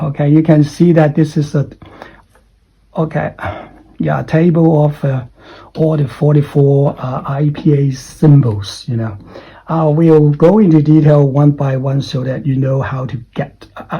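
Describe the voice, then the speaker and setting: Slow, husky-voiced man teaching English. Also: fairly high pitch, mellow, poor audio. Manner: spells out words letter by letter and keeps checking with "okay?". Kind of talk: explaining errors in an online English lesson.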